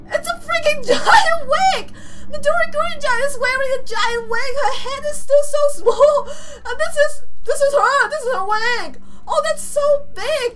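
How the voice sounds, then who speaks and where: A woman's voice: extremely high pitch, fairly bright tone, recorded from a distance, a little hiss or hum, low-quality recording. A woman doing playful, giggly let's play commentary over a game. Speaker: gamer.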